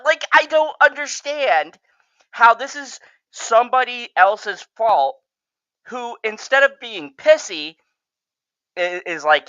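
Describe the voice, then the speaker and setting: Animated, bright-voiced woman podcast co-host. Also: a little high, takes it slowly, dry recording, muffled recording. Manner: profane, laughs often, animated. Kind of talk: casual chat.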